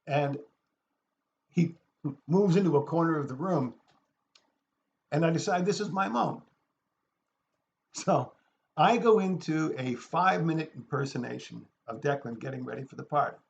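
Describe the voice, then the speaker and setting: Male raconteur, lively and acting out the people in his story; slightly high voice, muffled lo-fi recording. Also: normal speed, creaky, long pauses. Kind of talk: anecdote told aloud.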